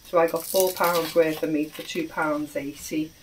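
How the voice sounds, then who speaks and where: A woman hosting a home cooking video, explaining a recipe in an unhurried way with plenty of ums, in her kitchen. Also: low-pitched, fairly even intonation, slight background noise. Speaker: cooking channel host. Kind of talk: casual cooking demonstration. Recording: voice distant from the mic.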